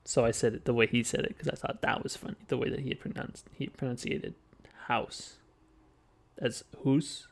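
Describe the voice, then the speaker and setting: A Western Canadian man muses aloud over clips during a live stream. His gravelly voice wanders through restarts and half-finished thoughts. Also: medium pitch, little pitch movement. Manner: rambling, halting, musing. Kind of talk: casual live-stream commentary.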